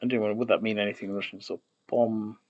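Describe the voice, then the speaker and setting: A man's voice: on the low side, level tone, fast, a little mellow, muffled recording. A man streaming from his desk, thinking aloud and muttering as he works, trailing off and correcting himself, with keyboard typing behind him. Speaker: streamer building a made-up language. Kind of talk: thinking aloud while working. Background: keyboard clicks and typing.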